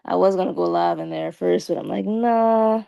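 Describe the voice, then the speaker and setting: A woman's voice: lowish voice, fairly even intonation, fast talker, gravelly, smooth, no echo, lo-fi sound. A young woman live streaming and chatting casually with her viewers, slangy and talkative, with a slight lisp from her braces. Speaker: live streamer talking to chat.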